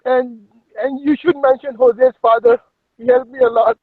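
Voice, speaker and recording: A man's voice: very high-pitched, very animated, gravelly, no echo, narrow, tinny audio, full character voice. A man on voice chat putting on a Pakistani accent and a fake crying voice, playing a pleading, nervous immigrant. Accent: put-on Pakistani accent. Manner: whimpering, pleading, halting. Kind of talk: voice chat prank role-play. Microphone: phone in a voice chat.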